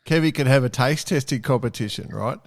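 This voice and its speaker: A man hosting a sailing podcast, joking and pitching playful ideas in a casual chat. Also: a little fast, vocal fry, dry recording, studio quality. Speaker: podcast host.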